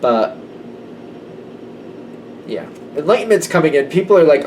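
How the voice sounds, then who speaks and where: A man's voice: mid-range voice, big pitch swings, moderate pace, long pauses, darkish tone, far from the mic, slight background noise, poor audio. A man giving a casual tarot reading to camera, conversational and emphatic. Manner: conversational, emphatic, slips into quoted voices. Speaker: tarot reader.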